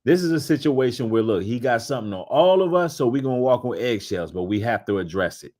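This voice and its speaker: A man with a mid-pitched voice doing casual reaction commentary over video clips. He mocks what he watches and jumps from low, muttered asides to sudden loud outbursts. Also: lively intonation, fast.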